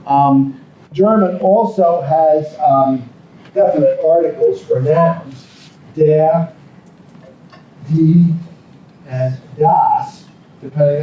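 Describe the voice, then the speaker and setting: A man's voice: fairly high pitch, dark tone, slight background noise. Lecturing man, far off in an echoey room. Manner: rambling, with many ums and asides. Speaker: political science lecturer. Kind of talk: classroom lecture. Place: classroom.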